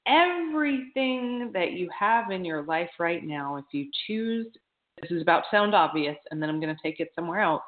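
A woman's voice: lowish voice, expressive, moderate pace. A woman co-hosting a podcast in casual chat, thinking aloud and correcting herself as she goes. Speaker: podcast co-host. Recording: tinny phone-like sound.

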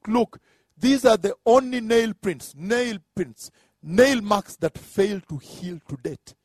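A man delivers an emphatic sermon in a high, husky voice, repeating phrases and building to shouts. The recording is dry and close, with no room sound. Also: no echo. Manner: describes with gestures, "like this". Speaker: preacher.

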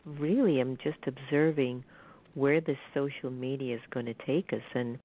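A woman's voice: extremely low pitch, moderate pace. Woman host on a tinny phone line. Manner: conversational, prompting with questions and fillers. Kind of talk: casual interview chat.

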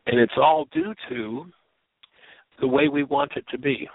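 A man's voice: medium pitch, unhurried, creaky, no room sound. A man hosting a call-in radio show, teaching on perception and acting out quoted voices as he goes. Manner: lively, acts out other people's voices in quotes. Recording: tinny phone line.

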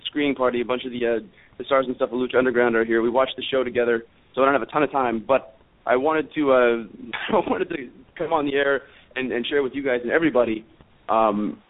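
Man rambling on a phone line. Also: medium pitch. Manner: rambling, many fillers and restarts. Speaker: guest wrestler. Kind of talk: casual radio interview. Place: after party. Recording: phone-like radio audio.

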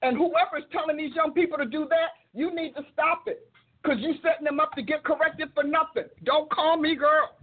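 A woman's voice: sits high, a little fast. An older woman, a minister and host, giving a sermon-like talk in an emphatic, repetitive preaching cadence over a tinny, phone-like recording.

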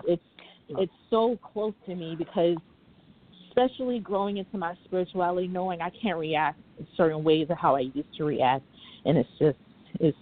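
A young woman calling in to a talk show, speaking haltingly and fighting back tears. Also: on the low side. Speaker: caller. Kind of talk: emotional call-in. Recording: tinny phone line.

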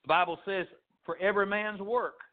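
Man, fiery sermon, high-pitched, tinny lo-fi sound. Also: fairly even intonation, fairly quick. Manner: fiery preaching, rising to shouts and dropping low. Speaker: pastor.

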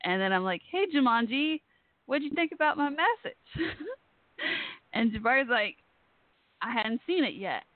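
Brief: woman host, playful teasing storyteller, lively pitch, phone-thin dry sound. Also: no room sound, narrow, tinny audio. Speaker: radio show host. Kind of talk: casual chat.

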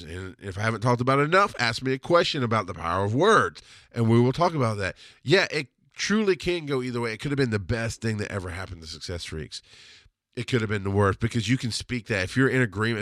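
A man's voice: medium pitch, a bit bright, no room sound, clean studio sound. A man hosting his own podcast, telling personal stories in a blunt, rambling way with restarts and the odd curse. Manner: rambling, blunt, with frequent restarts and mild swearing. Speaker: podcast host. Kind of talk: casual storytelling monologue.

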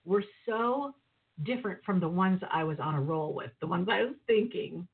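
Woman, animated storyteller, husky voice, narrow phone-line sound. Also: on the low side, normal speed. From northern Minnesota. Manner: lively, laughing, acts out voices in her story. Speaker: guest.

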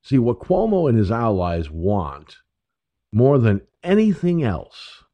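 A man from New York State, USA, hosts an internet radio show and delivers an emphatic, profane political monologue. His mid-range voice takes it slowly, with huge pitch swings. The audio is dull, lo-fi and dry, with no room sound.

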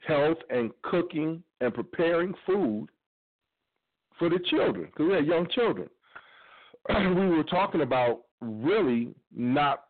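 Emphatic man arguing on a tinny phone line. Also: a little high. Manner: emphatic, argumentative, keeps talking over interruptions. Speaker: radio show co-host. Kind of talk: opinionated casual debate.

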